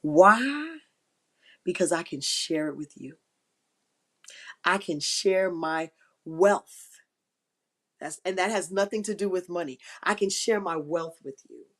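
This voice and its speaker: A middle-aged woman with a somewhat low voice hosts an inspirational faith talk on a live stream. She speaks in a heartfelt, encouraging way and repeats her key phrases. She sounds emotional and close to tears. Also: lively intonation, slow pace, pauses often. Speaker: livestream host.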